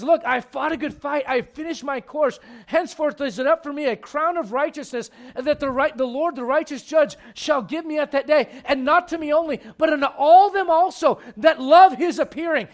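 A middle-aged male pastor preaching a dynamic sermon, swinging from loud to hushed and acting out voices in little scenes. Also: extremely high pitch.

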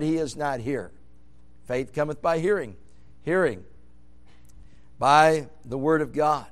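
Preacher guy, fiery sermon, goes quiet then hollers, voice sits a bit high. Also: expressive, unhurried, pauses often. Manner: fervent, swings from quiet storytelling to loud hollering.

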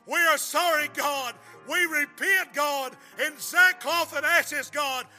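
A man preaching a revival sermon and leading an altar-call prayer, in a fervent shouting cadence that drops to sudden hushes. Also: very high voice, takes it slowly, soft background music.

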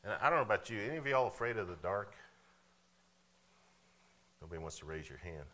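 Bright-voiced preacher man. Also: lowish voice, lively intonation, fairly quick, a little hiss or hum. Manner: folksy, asks the congregation "Amen?" and "okay?"; swings from loud preaching to hushed asides. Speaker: pastor. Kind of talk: sermon.

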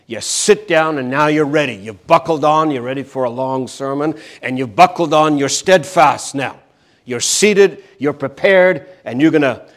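An older man preaching a sermon in an earnest, emphatic way, slowing down to repeat key words. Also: fairly high pitch.

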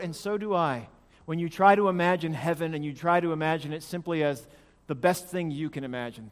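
Male pastor, sermon, slightly high voice, emphatic, soft to loud, long church reverb. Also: brisk. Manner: emphatic, swings from loud to hushed.

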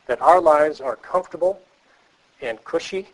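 A man's voice: fairly high pitch, normal speed, rough recording. Man teaching counselors, earnest and emphatic. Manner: earnest, emphatic, repeats key phrases; asks the class rhetorical questions. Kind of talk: teaching lecture.

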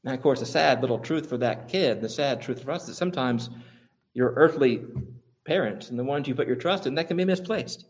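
Emphatic preacher, man. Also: a little fast. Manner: builds to high emphatic peaks, repeats phrases for stress. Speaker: pastor. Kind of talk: sermon.

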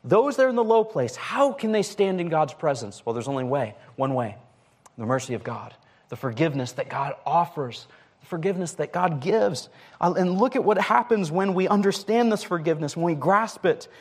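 A man delivering a sermon in a relaxed, conversational way. His voice sits a little higher than most men's. He often restarts his phrases and fills them with casual asides. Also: normal speed. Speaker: preacher.

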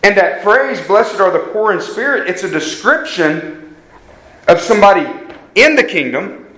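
Earnest pastor preaching in an echoey hall. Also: male voice, high-pitched, lively intonation, normal speed, sharp tone. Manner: earnest, emphatic preaching with direct questions to the congregation. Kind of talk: sermon. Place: church hall. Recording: echoey church room.

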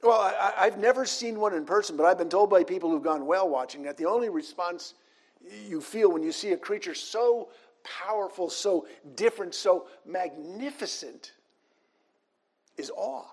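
A man's voice: sits high, moderate pace, breathy edge. A man preaching a sermon, reading scripture passages aloud in an earnest manner.

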